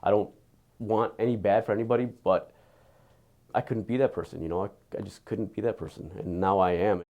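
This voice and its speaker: A man giving an earnest, candid patient testimonial, halting and often repeating his words. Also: fairly low pitch, fairly even intonation, narrow, tinny audio.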